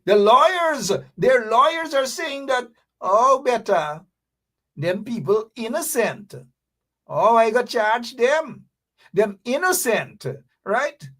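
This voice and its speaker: A man's voice: vocal fry, a bit bright. A man hosting an opinionated live commentary show, emphatic and repeating his points. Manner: emphatic, repeats phrases, mock-sings, drops into low mutters. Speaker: talk show host.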